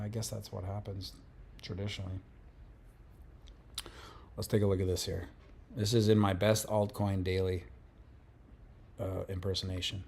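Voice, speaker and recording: A man hosting a livestream, reading viewer comments in a relaxed, rambling casual chat. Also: lowish voice. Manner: relaxed, rambling, laughs often. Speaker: livestream host.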